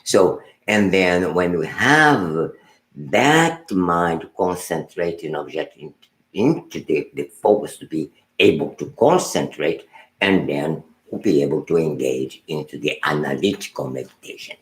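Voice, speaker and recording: A man giving a meditation teaching as a Buddhist teacher, unhurried and halting, repeating words and restarting phrases, often dropping to a soft murmur. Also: rumbling low, expressive, echoey room, low-quality recording.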